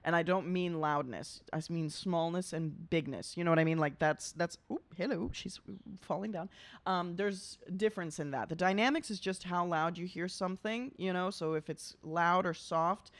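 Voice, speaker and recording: A woman's voice: fairly low pitch, normal speed, few pauses. A woman who is an opera singer and vocal coach talks casually as she reacts to a recording. She has a mezzo voice and sings short phrases here and there to show a technique.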